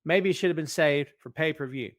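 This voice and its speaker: A middle-aged man hosting a live wrestling podcast from his office, reading out chat comments in an animated, hyped way. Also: on the high side, fairly quick. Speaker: podcast host. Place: home office.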